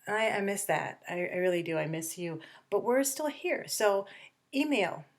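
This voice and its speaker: A woman's voice: medium pitch, big pitch swings. A middle-aged woman teacher talking through a novel for her class at a distance, rambling casually with fillers and restarts. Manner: acts out characters' lines in quick bursts. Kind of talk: remote lesson talk on a novel.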